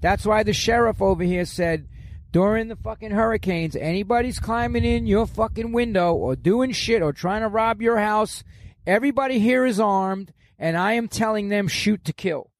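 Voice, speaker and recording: A man's voice: sits high, normal speed, dry recording, studio quality. Foul-mouthed older New York man. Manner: blunt, profane, animated storyteller. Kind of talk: casual chat.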